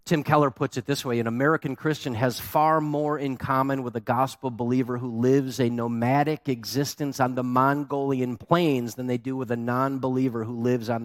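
A man preaching a sermon as pastor, telling a story with lively acted-out quotes. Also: mid-range voice, dry recording, clean studio sound.

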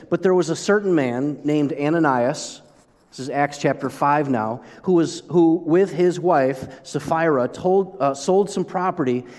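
A man preaching a sermon as pastor, conversational and animated, often breaking off and restarting his sentences. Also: a little high, long reverb tail. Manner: conversational, animated, self-interrupting.

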